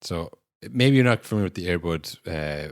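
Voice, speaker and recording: Deep-voiced man, wry podcast co-host. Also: expressive, normal speed, no room sound, clean studio sound. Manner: wry, rambling, swears casually. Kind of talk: casual film review chat.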